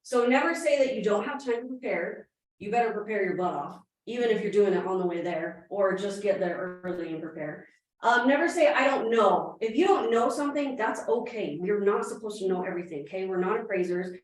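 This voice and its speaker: Fast-talking woman in an echoey room. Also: medium pitch, far from the mic. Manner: fast-talking, energetic, asks the room questions. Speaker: real estate trainer. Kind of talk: live training presentation. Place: meeting room with audience.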